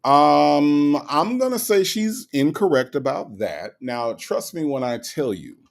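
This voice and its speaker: Animated man hosting a chatty livestream. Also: mid-range voice. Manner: animated and teasing, with many "okay?" asides. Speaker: livestream host. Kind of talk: casual commentary, reading chat aloud.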